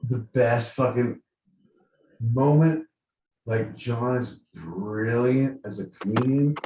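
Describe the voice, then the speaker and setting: A man co-hosting a live-streamed podcast, telling a story loudly and profanely with lots of filler and rambling. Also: medium pitch, slow, reverberant, far from the mic, noisy background. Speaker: podcast co-host. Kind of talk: rowdy live-stream banter.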